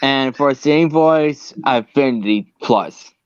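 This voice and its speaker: A man's voice: mid-range voice, takes it slowly, smooth. A young man co-hosting a casual podcast chat, speaking hesitantly with many ums and restarts. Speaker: co-host. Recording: dull lo-fi recording.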